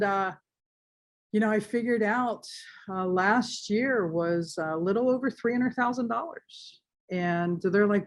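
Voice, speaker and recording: A woman hosts a podcast in a casual, energetic way. Her voice sits at a mid pitch, and she stresses her points with emphasis. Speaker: podcast host. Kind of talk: casual conversation.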